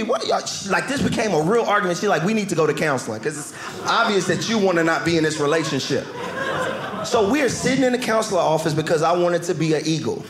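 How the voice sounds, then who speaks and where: High-voiced man telling a stand-up story. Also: lively intonation, fairly quick. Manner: acts out both sides of an argument, jumping high in pitch. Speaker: stand-up comedian. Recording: echoey room with loud background noise.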